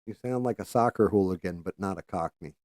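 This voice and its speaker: A man's voice: sits low, brisk, a little mellow, no echo. A man hosting a casual livestream, rambling and swearing freely as he chats while doing careful handwork. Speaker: livestream host.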